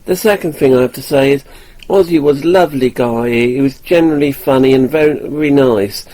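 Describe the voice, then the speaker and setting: A male vlogger chats loosely to camera with jokey enthusiasm. His voice is mellow and darkish, at a middle pitch. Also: fairly quick, low-quality recording. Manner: jokey, eager, loose chatter. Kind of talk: casual vlog talk to camera.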